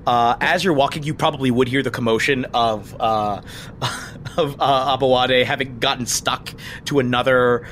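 A man acts as game master for a tabletop game, narrating hesitantly and packing his speech with fillers. His mid-range voice is steady and fairly bright, moving at a moderate pace over slight background noise.

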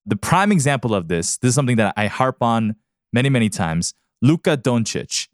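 A man's voice: mid-range voice, sing-song, fairly quick, no echo, studio quality. A man in casual podcast chat as the show's producer, emphatic and opinionated, laughing often.

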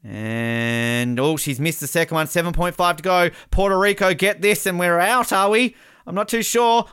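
A man hosting a casual sports podcast, with jokey, excitable live commentary. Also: high-pitched, normal speed, clear, resonant tone, no echo, studio quality. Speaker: podcast host.

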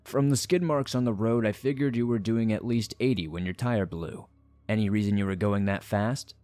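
A measured, probing small-town sheriff, as a male narrator puts him on in a horror story reading. His voice sits low, asking pointed questions in an even tone. Faint music plays beneath. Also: dry recording, lightly acted.

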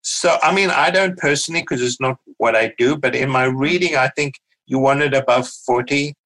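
A middle-aged man with a South African accent speaks as a guest physician. He explains things in a measured, careful way, with small restarts. His voice sits at an ordinary middle pitch. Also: bright, forceful tone, poor audio. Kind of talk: podcast interview, explaining.

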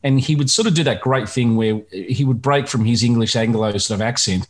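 A man's voice: medium pitch, fairly quick. A middle-aged Australian man co-hosting a podcast in casual chat, rambling with many fillers and restarts. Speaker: podcast co-host.

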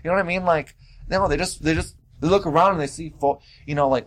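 A man hosting his own podcast, talking in a sassy, animated way with big jumps in pitch. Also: fast talker, low-quality recording. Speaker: podcast host. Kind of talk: casual solo podcast monologue.

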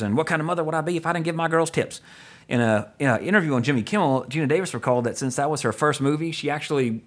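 A man hosting a podcast, chatting casually about an old film, rambling with lots of fillers and frequent chuckles. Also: mid-range voice. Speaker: podcast host. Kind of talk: casual film-review chat.

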